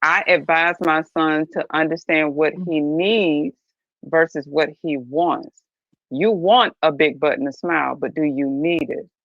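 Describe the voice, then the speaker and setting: A woman's voice: deep voice, measured pace, dry recording, lo-fi sound. A woman on a live reaction panel, speaking emphatically and posing rhetorical questions in casual discussion.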